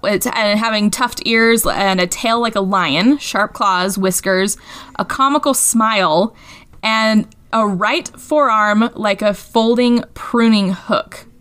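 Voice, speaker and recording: A young adult woman co-hosting a podcast in casual chat, an animated storyteller who giggles often and swears freely. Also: mid-range voice, takes it slowly, clean tone. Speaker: podcast co-host.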